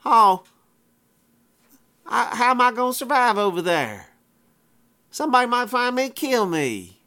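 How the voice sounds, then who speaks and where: A self-absorbed grown man whining and sulking like a crybaby, as a preacher puts him on in a sermon. The voice climbs well above a normal speaking pitch as he complains and dodges blame. It is a plain retelling in a sermon, not a studio production. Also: expressive, measured pace, fairly bright tone.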